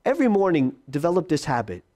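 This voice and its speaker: A male pastor preaching a sermon, acting out quoted voices and dropping to a hush for God's quiet words. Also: very animated, fast talker. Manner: drops to a hushed low voice for God's quiet words.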